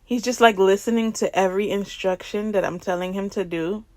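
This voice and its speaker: A ministry speaker gives a lively personal faith testimony, laughing and acting out the dialogue as she goes. Her voice is medium-pitched and a little fast, in a dry recording.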